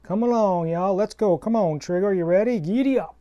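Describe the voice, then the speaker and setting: A man's voice: high-pitched, brisk, warm tone, lo-fi sound, pitched above the performer's own voice, natural voice. A man putting on a put-on cowboy drawl, playing a cheerful cowboy greeting preschoolers with hearty folksy calls.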